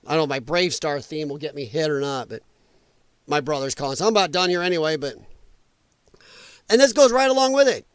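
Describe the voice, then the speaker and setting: A man's voice: a little high, animated, a little fast, long pauses, smooth, no echo. A middle-aged man hosting a late-night political commentary stream, blunt and combative, swearing as he reads and answers chat comments. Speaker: host.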